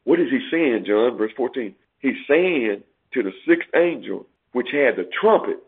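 A man preaching a sermon, emphatic, repeating phrases and rising sharply in pitch to stress his points. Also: animated, a little slow, husky. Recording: tinny phone-like radio broadcast.

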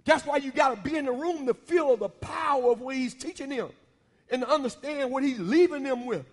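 A male pastor preaching a sermon in a church, colloquial and animated, teasing the congregation. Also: very high voice, fairly quick. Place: church sanctuary. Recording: long hall reverb.

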